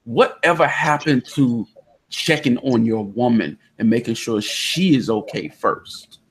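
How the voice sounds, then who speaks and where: Husky-voiced man telling a story. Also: medium pitch, measured pace. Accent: Southern American. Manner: animated storyteller, acts out quotes loudly. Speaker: podcast host. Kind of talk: casual chat, storytelling. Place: indoors during a thunderstorm. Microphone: online call connection.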